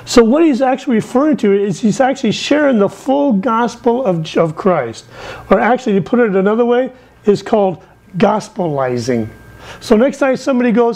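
A middle-aged man giving a lively sermon from the pulpit, telling stories with big swings in his voice. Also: moderate pace, poor audio. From England. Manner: animated, storytelling with wide swings in pitch. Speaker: missionary speaker.

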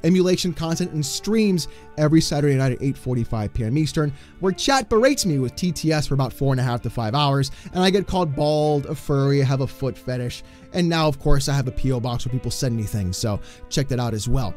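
A man hosting a gaming commentary channel, ranting in an exasperated, mocking way that swings into shouting. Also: medium pitch, lively intonation, a little fast, few pauses, soft background music.

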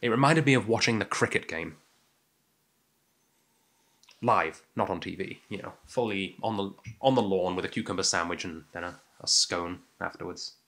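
A man's voice: deep voice, normal speed, pushed and bright. A young man with an English accent hosting a casual whisky tasting, chatty and self-deprecating with many fillers. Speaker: whisky podcast host.

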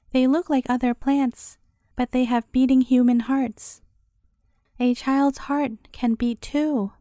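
A woman's voice: sits high, warm tone, no echo, studio quality. A woman voicing a shrewd old crone who tends Death's hothouse and bargains for a mother's hair in a storybook reading.

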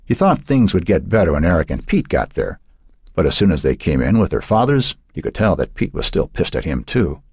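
A man narrating an audiobook with expressive storytelling. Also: low voice, a little fast, husky, no room sound, clean studio sound. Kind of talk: scripted narration.

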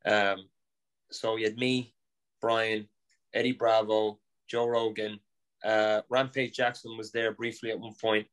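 An Irish man in his thirties, a guest on a podcast, telling lively stories with laughter and casual swearing. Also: on the low side, unhurried, clear, resonant tone, low-quality recording. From Ireland. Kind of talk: casual chat, anecdotes.

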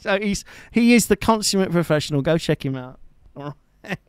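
Speaking in a high, clean-toned voice with lively intonation, a man talks at a moderate pace with hardly any pauses, and a faint crowd can be heard. He's a guitarist hosting a live music stream from home, chatting casually, teasing and joking with viewers, with fond asides.

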